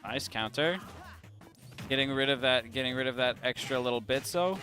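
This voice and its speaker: A young man casts a fighting-game match with laid-back, joking banter and relaxed technical breakdowns. His voice sounds bright and forceful, with faint music behind him. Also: mid-range voice, moderate pace. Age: young adult. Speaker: esports commentator. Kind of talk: casual play-by-play commentary.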